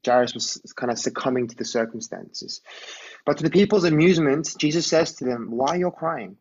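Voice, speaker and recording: A man's voice: mid-range voice, fairly quick, darkish tone, slightly rough, dull audio. A man preaching a conversational sermon. He tells a Bible story and often asks his listeners to imagine the scene.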